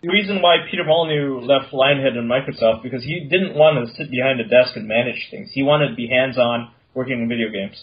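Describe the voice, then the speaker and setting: A man's voice: mid-range voice, quick pace, hardly any pauses, muffled recording. A man co-hosting a casual gaming podcast, confidently explaining hardware details. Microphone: online call.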